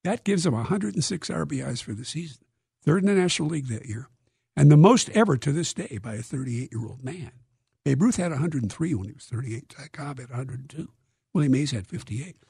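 Husky, animated male storyteller. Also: fairly high pitch, fairly quick, dry recording, clean studio sound. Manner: lively, dramatic storyteller who acts out quotes. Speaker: author being interviewed.

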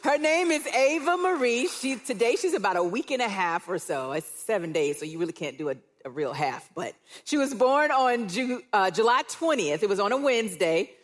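A grandmother speaking from a church stage, telling personal stories with animated quotes of family members. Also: a little high, normal speed, few pauses. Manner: warm storytelling, animated quoting of others. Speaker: guest speaker, church care director. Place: church auditorium with live audience.

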